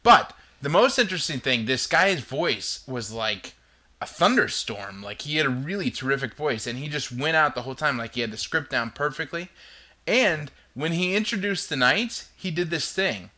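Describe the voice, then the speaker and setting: A man's voice: on the high side, animated, moderate pace, pushed and bright. A man hosting a show, rambling casually as he tells a story. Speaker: podcast host. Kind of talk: casual chat.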